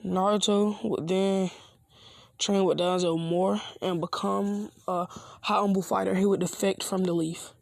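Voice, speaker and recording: A man narrating an improvised fan story with a gravelly, creaky edge. He talks loosely and slangily, with the odd restart, and the sound is close and dry with no room around it. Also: high-pitched, little pitch movement, unhurried, no echo.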